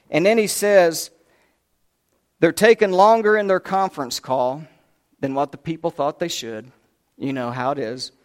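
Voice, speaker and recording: A man preaching a sermon, retelling scripture in a folksy, chatty way. His voice sits a little higher than most men's. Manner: folksy, conversational storytelling.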